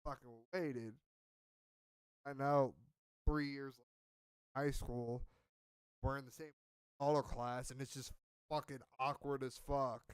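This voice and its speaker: A man's voice: mid-range voice, flat delivery, slow, pauses often, clean tone, dry recording. A man telling a story on a podcast in a rambling, profane, self-mocking way. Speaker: podcast co-host. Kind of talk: casual storytelling.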